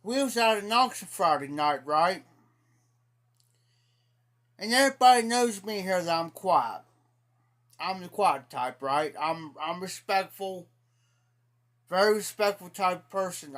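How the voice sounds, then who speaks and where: A man whose voice sits high and slightly bright speaks with an Ohio accent on a casual livestream. In a slow drawl, he rambles through an indignant story and keeps inserting "I said."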